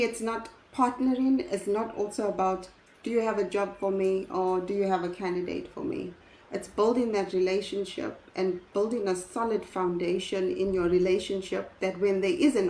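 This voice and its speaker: A woman's voice: mid-range voice, darkish tone. Woman, business owner, guest on a call; reflective, restarts her sentences; echoey room with light noise. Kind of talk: casual conversational interview answers.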